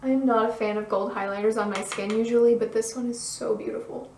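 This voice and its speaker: Chatty young woman, a bit hoarse. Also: on the high side, steady tone, quick pace, a little mellow, echoey room, far from the mic, slight background noise, low-quality recording. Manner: chatty, bubbly, self-deprecating asides. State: losing her voice, slightly hoarse. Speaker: beauty vlogger. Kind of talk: casual makeup tutorial talk-through.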